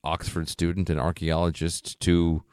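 Low-voiced man musing about a film. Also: monotone, normal speed, darkish tone, no echo, studio quality. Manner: thoughtful, rambling, frequent fillers like "you know" and "like". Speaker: film discussion co-host. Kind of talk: casual film discussion.

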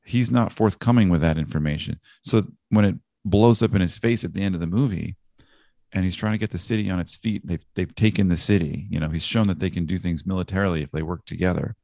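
A man's voice: sits low, quick pace, vocal fry, a little mellow, dry recording, clean studio sound. A man in a casual film discussion, talking animatedly and acting out quoted lines, laughing often.

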